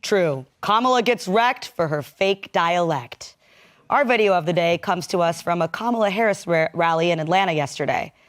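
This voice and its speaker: A woman's voice: on the low side, animated, moderate pace. A woman hosting a television news segment in a playful, teasing way.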